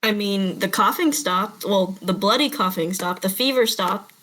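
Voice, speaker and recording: A woman's voice: medium pitch, moderate pace, a bit bright, natural voice. A hurt young man, a grown son who talks back earnestly and frankly in a tabletop game, as a woman puts him on. His voice sits in a middle range, and he sounds defensive.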